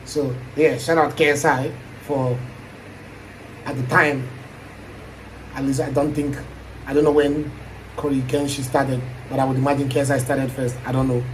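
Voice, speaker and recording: A man's voice: medium pitch, little pitch movement, moderate pace, long pauses, a little hiss or hum, rough recording. A Nigerian-accented man thinking aloud in a casual, reflective chat, trailing off into asides as he muses. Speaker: aspiring YouTuber.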